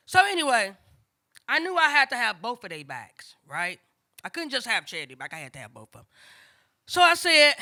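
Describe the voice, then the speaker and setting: Lively, animated grandmother telling a story. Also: high voice, moderate pace. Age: older. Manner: animated, acts out family voices, casual and conversational. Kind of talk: live stage storytelling. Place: stage before a live audience.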